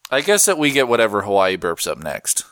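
A man's voice: fairly low pitch, huge pitch swings, fairly bright tone, dry recording. A man co-hosting a casual podcast, joking around and riffing playfully. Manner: playful, jokey, swearing, quick riffs. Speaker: co-host.

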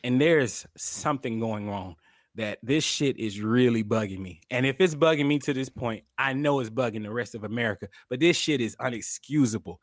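A young man co-hosting a podcast, telling a heated story in casual, profane chat and loudly acting out what people said. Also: mid-range voice, normal speed, dry recording, studio quality. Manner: animated, profane, acts out quotes loudly. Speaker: podcast co-host.

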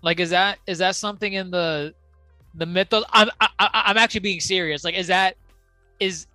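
Bright-voiced rambling podcast host. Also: male voice, sits high, steady tone, moderate pace, no echo, soft background music. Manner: rambling, many fillers and restarts. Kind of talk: casual chat.

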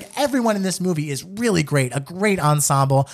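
A man's voice: sits high, faint music behind. A young man co-hosting a casual podcast, gushing enthusiastically with lots of fillers. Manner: gushing, rapid and animated, many fillers. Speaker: podcast co-host. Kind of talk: casual chat.

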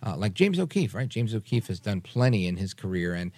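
Brief: low, gravelly male talk-radio host, dry close studio sound, emphatic and opinionated. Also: big pitch swings, fairly quick, a little mellow, no echo. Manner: emphatic, repeats phrases for emphasis, mimics people he discusses. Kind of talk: opinionated political talk commentary.

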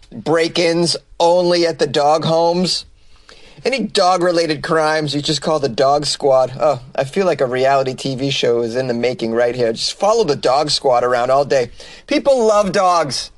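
Comedian guy riffing on weird news, slightly high voice, dry close mic. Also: measured pace, dry recording. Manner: sarcastic, riffing asides. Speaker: podcast host and comedian.

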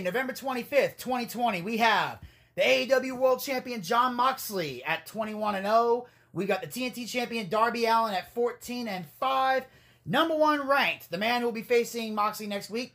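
A man's voice: high voice, fairly bright tone. A man hosting a casual podcast, telling wrestling stories in a rambling, profane way and laughing as he goes. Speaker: podcast host. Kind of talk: casual storytelling recap.

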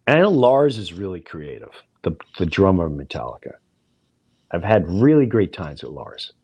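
A man's voice: low-pitched, moderate pace, slightly rough, lo-fi sound. A middle-aged man, a comedian hosting his own podcast, telling a rambling story in a casual way and acting out the voices of people in it. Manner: animated, rambling, acts out voices in his stories.

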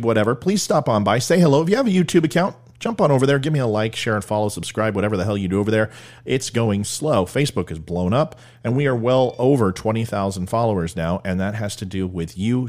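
A man's voice: medium pitch, a little mellow. A man hosting his own podcast in a blunt, rambling monologue full of tangents and self-mocking asides. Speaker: podcast host. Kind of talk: casual opinion monologue.

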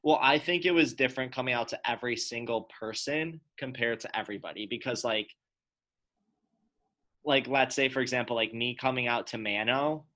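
A young man with a bright, forceful voice talks openly with close friends. His talk is loose and relaxed, full of "like" and "you know". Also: mid-range voice, moderate pace. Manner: relaxed, chatty, peppered with "like". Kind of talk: casual chat among friends.

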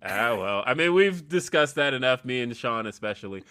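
A man's voice: medium pitch, lively intonation, moderate pace, bright, forceful tone. A man co-hosting a podcast in a casual, easygoing chat, joking and giving short agreeing replies. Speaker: podcast co-host.

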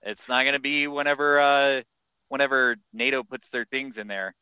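A man's voice: mid-range voice, flat delivery, moderate pace, sharp tone, clean tone, dry recording. A man in casual podcast chat, talking in a meandering, hesitant way. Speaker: podcast co-host or guest. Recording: dull, dry lo-fi mic.

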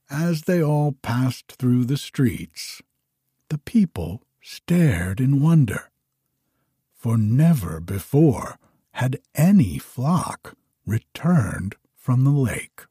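A man narrating a fairy tale in a slow, measured, expressive storybook reading. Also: medium pitch, husky, no echo, clean studio sound.

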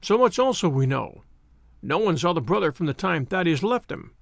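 A man voicing a stout, blustering middle-aged police inspector with a muffled, husky, wheezing voice in a storybook reading. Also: high-pitched, sing-song, normal speed, no room sound, clean studio sound, heavily acted. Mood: self-satisfied. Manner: blustering, self-satisfied.

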